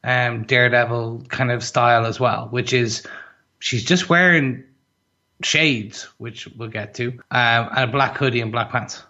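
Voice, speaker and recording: A man co-hosting a casual podcast review, chatting in an animated way and acting out his reactions. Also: mid-range voice, unhurried. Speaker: podcast co-host. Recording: dull lo-fi audio.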